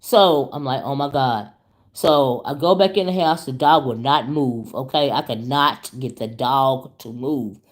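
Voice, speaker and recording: With a rumbling low voice and a measured pace, this woman chats animatedly on her vlog as she tells a story. She's a YouTube commentary host whose casual, chatty style has her calling the audience "y'all" and "child."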